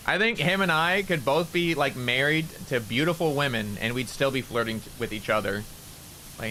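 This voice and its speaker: A man's voice: mid-range voice, moderate pace, bright, forceful tone, slight background noise, low-quality recording. A young man streaming a game in casual chat, rambling, joking and swearing freely as he talks to his viewers.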